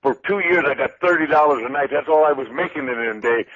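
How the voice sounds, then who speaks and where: An older man, a retired wrestler, spinning loud, boastful, folksy stories as a guest in an interview. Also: on the high side, quick pace, slightly rough, dull audio. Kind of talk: interview storytelling.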